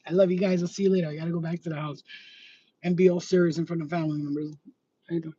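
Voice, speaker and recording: A man's voice: high voice, fairly quick, pauses often, mellow, husky, recorded from a distance, muffled recording. A man chatting casually to camera in a vlog, flamboyant and bawdy, breaking into laughter often. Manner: giggly, bawdy, flamboyant storytelling. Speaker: vlogger.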